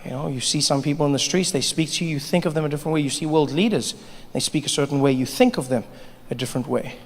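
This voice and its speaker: A man doing stand-up comedy, telling stories in an animated, playful way. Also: fairly high pitch, fast. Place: large live venue with audience. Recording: live hall with long reverb, faint ambience.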